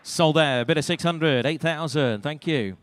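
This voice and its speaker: A British male auctioneer rattles off bid numbers in a quick, rhythmic call, his voice sitting a little high for a man. It is close and dry, with no room echo, and he drops in wry asides between bids. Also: a bit bright, clean tone. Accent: British English. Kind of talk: live auction calling.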